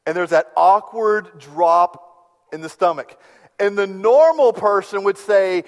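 A man preaching a sermon, telling stories and swinging from hushed tones to loud bursts. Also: sits high, unhurried. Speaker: pastor. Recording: long hall reverb.

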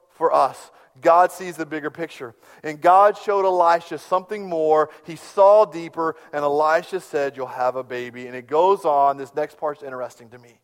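A man preaching a sermon, telling stories and swinging from hushed tones to loud bursts. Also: fairly high pitch, clean tone. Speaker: pastor. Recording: long hall reverb.

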